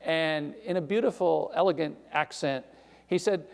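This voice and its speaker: An older male author telling stories on stage before an audience, animated and self-deprecating, with frequent restarts. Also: fairly high pitch, moderate pace, creaky. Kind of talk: live author conversation on stage. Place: recital hall before an audience. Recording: long hall reverb.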